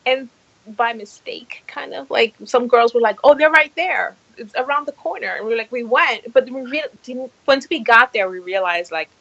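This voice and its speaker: A middle-aged woman hosting a casual podcast chat, telling stories with lively acted-out quotes. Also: a little high, normal speed, gravelly, dry recording, muffled recording. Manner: animated storyteller, acts out quotes. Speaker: podcast host.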